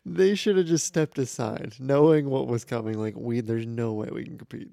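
Male podcast co-host, gravelly and mellow, wry and hesitant. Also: mid-range voice, fairly even intonation, normal speed, no room sound, clean studio sound. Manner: wry and hesitant, admits he does not remember. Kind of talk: casual comedic movie review chat.

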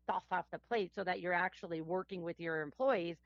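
A woman, a guest HR professional, answering interview questions earnestly and explaining things with some thinking pauses. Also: on the low side, no echo, dull audio.

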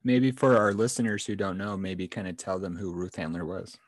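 A man's voice: low voice, little pitch movement, moderate pace. A man hosting a podcast, chatting casually with lots of "you know" and restarts. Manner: conversational, full of fillers and restarts. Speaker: podcast host. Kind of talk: casual chat.

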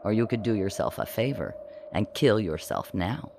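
A man's voice: lowish voice, lively intonation, moderate pace, a little mellow, slight background noise. A man voicing a cruel, mocking male villain who taunts in a falsely sweet, cheerful way.

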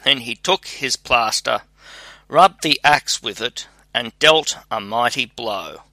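A man reads a fairy tale aloud at a slow pace in a steady, unhurried manner. His tone is bright and crisp, and the recording is dry and close. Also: mid-range voice, no echo. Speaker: storyteller. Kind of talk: scripted fairy-tale narration.

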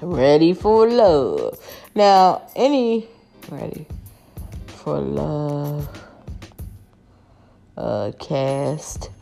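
A woman vlogger recaps a reality show in a low, warm, expressive voice with vocal fry, speaking very slowly and leaving long pauses. Faint music sits behind her as she chats to her viewers as y'all, rambling through fillers and restarts.

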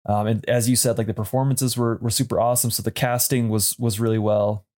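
A man's voice: mid-range voice, flat delivery, a little fast, darkish tone. Hesitant man in his thirties chatting about films. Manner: thoughtful, hesitant with many ums and restarts. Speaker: podcast co-host. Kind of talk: casual movie podcast chat.

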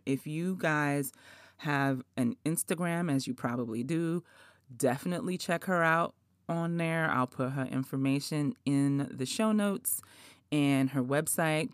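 A woman in her forties hosts her podcast with a low voice and a dry, close sound. She talks casually, swears freely, laughs a lot and rants in mock outrage. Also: no echo. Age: 40s. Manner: profane, animated, laughs often, mock outrage. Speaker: podcast host. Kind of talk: casual chat.

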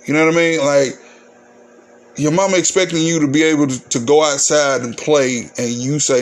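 A man's voice: on the high side, fairly even intonation, moderate pace. A man hosting his own podcast, talking casually in a candid, ranting, profane monologue. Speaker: podcast host.

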